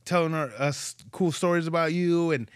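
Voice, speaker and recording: A male podcast host, spinning profane, animated stories in casual chat. His voice sits a little high for a man, and the sound is close and dry, with no room around it. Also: moderate pace, clear, resonant tone, dry recording. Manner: profane, animated storyteller acting out dialogue.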